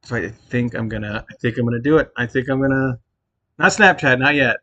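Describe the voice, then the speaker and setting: A man's voice: mid-range voice, fairly quick, bright, forceful tone, lo-fi sound. A young man co-hosting a podcast, chatting in a rambling, casual way with frequent laughs. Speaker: podcast co-host. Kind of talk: casual chat.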